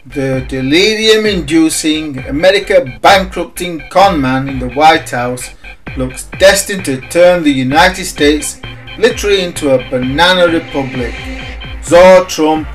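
A man delivering scripted market commentary, his voice sitting a little high for a man. He leans on his words with emphatic, sardonic weight, and faint music plays underneath. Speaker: market analyst.

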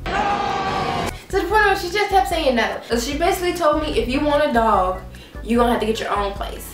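Young woman vlogger, high-voiced and dramatic, recorded in an echoey room with faint music behind. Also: fast, distant mic. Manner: animated, dramatic, mimics mom, laughs often. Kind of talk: casual storytelling vlog.

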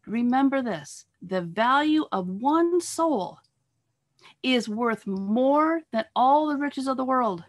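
A woman's voice: high voice, lively intonation. Earnest woman preaching over a video call. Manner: earnest, exhorting with repeated rhetorical questions; halting, with fillers and restarts. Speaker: speaker at a church talk on marriage.

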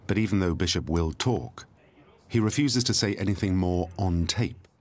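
A man narrating a documentary from a script in a measured, grave way. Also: sits low. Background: loud documentary score.

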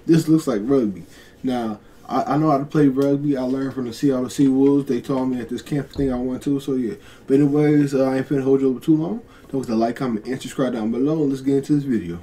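A young man giving casual reaction commentary as a video host, excitable, laughing often and stumbling over his words. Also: medium pitch, fast.

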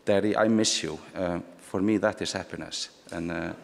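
Deep gravelly man in a big hall. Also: steady tone. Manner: halting, soft-spoken, hesitant. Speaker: prize winner. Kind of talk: acceptance speech. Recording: long reverb of a large theatre.

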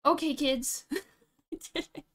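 A young woman streaming a game live, excitable and giggly, talking to herself as she plays. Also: high-pitched, slow.

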